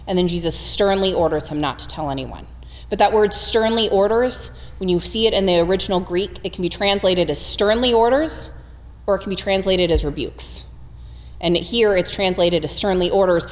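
Woman preaching a lively, humorous sermon. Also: lowish voice, normal speed, in a large hall. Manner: conversational, humorous, animated storytelling.

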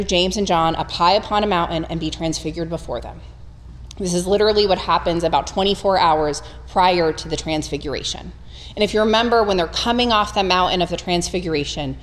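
A woman preaching a conversational, humorous sermon, retelling scripture with animated storytelling. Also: mid-range voice, long reverb tail.

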